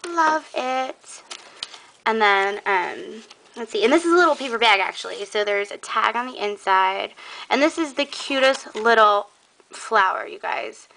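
A young woman talks through a scrapbook in a casual vlog, gushing and excitable, with plenty of "um"s along the way. Her voice sits a little high and sounds bright and sharp. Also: measured pace, creaky, slight background noise, rough recording. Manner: gushing, excitable, many fillers. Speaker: scrapbooking vlogger. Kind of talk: casual show-and-tell vlog.

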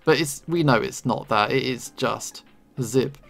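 A man's voice: mid-range voice, measured pace, gravelly, a bit bright. A man giving rambling, casual commentary while playing a story game, stumbling over words with chuckling asides. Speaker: gaming video creator. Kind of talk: let's play commentary. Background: faint game music.

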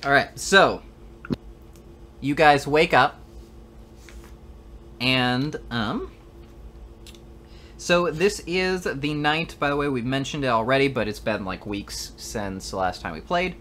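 A man's voice: mid-range voice, expressive, slow pace, pauses often, sharp tone, slight background noise. A man running a tabletop game as game master, chatty, with frequent laughter and filler words. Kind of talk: narrating a tabletop game stream.

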